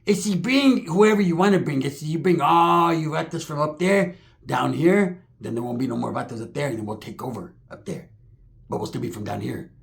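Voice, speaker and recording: A man voicing a cocky, scheming male gang leader who talks in a low, dismissive way. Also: moderate pace, vocal fry.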